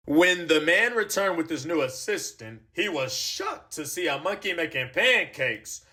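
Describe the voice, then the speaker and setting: A man narrating a children's picture book aloud. His reading is slow and expressive, with a pitch that bounces up and down. He tosses in playful slang asides between the sentences. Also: breathy edge.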